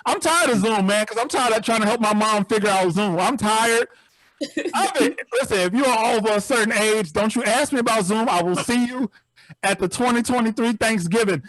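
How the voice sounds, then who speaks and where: A man doing a virtual stand-up comedy set over a video call, telling stories with animated, incredulous outbursts. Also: sits high, normal speed, no room sound.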